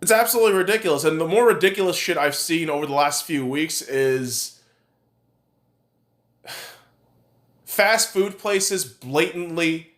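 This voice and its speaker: A man's voice: on the high side, expressive, a little slow, pauses often, a bit bright. A man hosting a podcast, ranting in a heated, sarcastic, swear-filled monologue. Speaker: podcast host. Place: room in Nevada. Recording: echoey room.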